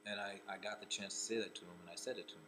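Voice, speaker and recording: A man's voice: sits low, steady tone, very fast, sharp tone, slight background noise, low-quality recording. A man from Rhode Island who works as a comedian and actor, telling a personal story casually with many restarts.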